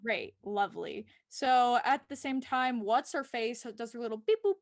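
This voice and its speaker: A woman with a fairly high voice chats through a TV episode recap. She giggles often and acts out each character's lines. The sound is dry and close, with no room echo. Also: moderate pace. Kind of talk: casual chat.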